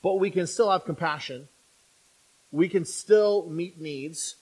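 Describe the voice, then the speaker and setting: A man's voice: on the high side, slow pace, husky. A man preaching a sermon in a conversational way. He often checks in with "right?" and acts out imagined speakers. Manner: conversational, with frequent "right?" tags to the congregation; animated, acting out imagined speakers.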